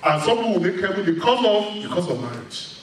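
A middle-aged man preaching from the pulpit, his voice sitting a little high and swinging widely up and down as he drives each point home. He is emphatic and candid, owning up to his own flaws. The sound bounces around a very echoey church hall, picked up from some distance. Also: very animated, fast, slight background noise. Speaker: pastor. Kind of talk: sermon. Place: church sanctuary.

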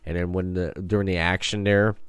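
Podcast host, male, deep-ish and eager, stumbles and restarts, dry close-miked read. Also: level tone, brisk, clean tone, no room sound. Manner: enthusiastic, rambling with restarts. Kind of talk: casual interview chat.

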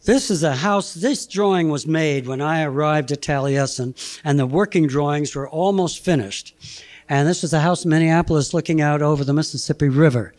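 A man in his eighties giving a halting, anecdotal slide talk, chuckling between memories. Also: a little high, a little mellow. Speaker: guest speaker presenting slides. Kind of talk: anecdotal lecture.

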